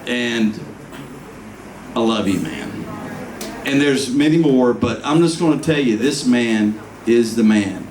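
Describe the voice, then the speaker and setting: A man's voice: mid-range voice, slow, darkish tone. A man giving a rambling, emotional birthday toast to a friend at a party, often laughing. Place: party venue. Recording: echoey room mic from far off with noise.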